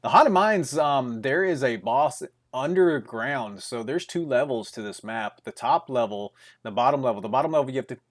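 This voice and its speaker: A young man casting an esports tournament on his own, talking in a steady chatty stream. He rambles through plays with fillers and little chuckles, now and then speeding up into quick bursts. His voice sits at an ordinary middle pitch. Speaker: tournament caster. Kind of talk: solo esports commentary.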